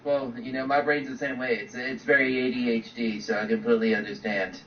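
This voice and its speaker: A man's voice: medium pitch, fairly even intonation, brisk. A man co-hosting a casual chat, rambling and agreeable, often restarting his sentences. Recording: roomy, distant, dull lo-fi with faint noise.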